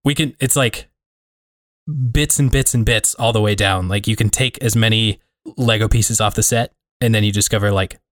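A man's voice: lowish voice, steady tone, normal speed, no echo, studio quality. A man co-hosting a podcast, talking in a reflective, rambling way full of fillers. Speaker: podcast co-host. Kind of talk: casual conversation.

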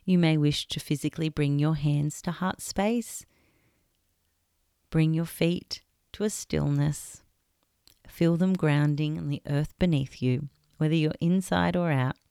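A woman guides a meditation in a low, mellow voice. She speaks slowly and gently, leaving long pauses, and her tone is smooth. The sound is close and dry. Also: no echo. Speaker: meditation guide and podcast host.

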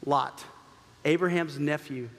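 A man's voice: on the high side, fairly even intonation, slow pace, creaky, long reverb tail. A man preaching a sermon in a conversational way, with frequent asides and laughs. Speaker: pastor.

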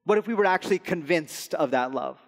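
A young adult man preaching a sermon as pastor, earnest and slowing softly on key phrases. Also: a little high, expressive. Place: church hall. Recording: long reverb in a large hall.

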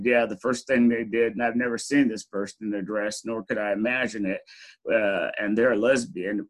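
A man's voice: lowish voice, poor audio. Candid middle-aged man telling his story. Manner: candid, laughs often, frequent "you know". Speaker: interview guest. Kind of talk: reflective personal storytelling.

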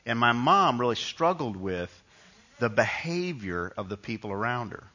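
Bright-voiced preacher telling stories. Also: male voice, medium pitch, big pitch swings, normal speed, lo-fi sound. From New York. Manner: conversational storytelling with frequent restarts. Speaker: pastor. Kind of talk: sermon.

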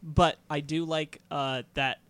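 A man's voice: fairly high pitch, steady tone, takes it slowly, a bit bright, clean tone. A man chatting casually and eagerly about a TV show, retelling scenes with enthusiasm.

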